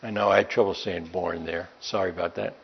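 A man's voice: sits low, steady tone, brisk, vocal fry, husky, muffled recording. A man with a New York accent preaching a sermon and reading scripture aloud, stretching out words for emphasis.

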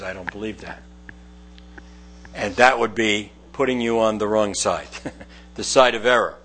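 Man preaching at a lectern, earnest, hammers key lines, steady mid voice, low hum behind. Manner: earnest, emphatic, repeats key phrases. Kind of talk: verse-by-verse sermon. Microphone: lectern microphone. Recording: mains hum in background.

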